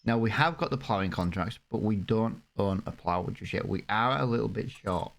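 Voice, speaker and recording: A man's voice: lowish voice, lively intonation, moderate pace, creaky. A man giving casual, rambling let's-play commentary over a farming game, with many fillers and restarts. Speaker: gaming YouTuber.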